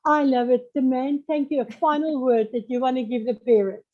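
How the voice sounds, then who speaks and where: High-voiced woman host, lo-fi. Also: fairly even intonation, brisk. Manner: eager, asks strings of questions. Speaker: host of a church family ministry show. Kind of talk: interviewer wrapping up with a recap. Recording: dull lo-fi audio.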